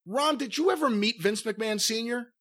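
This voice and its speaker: A man's voice: extremely high pitch, moderate pace, fairly bright tone. A man hosting a podcast, teasing his guests and laughing often. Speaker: podcast host. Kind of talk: casual podcast chat.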